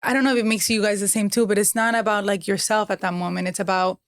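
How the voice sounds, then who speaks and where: Survivor guest, female, gravelly edge in the voice, heartfelt conversational delivery. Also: mid-range voice, steady tone, fast, no room sound, clean studio sound. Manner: earnest, heartfelt, many fillers. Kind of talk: candid conversational storytelling.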